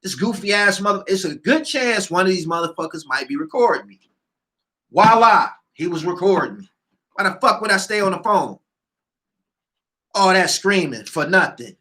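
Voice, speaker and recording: A man ranting loudly and profanely, reading out comments and answering them heatedly, repeating his lines for emphasis. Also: high voice, lively intonation, normal speed. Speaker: show host.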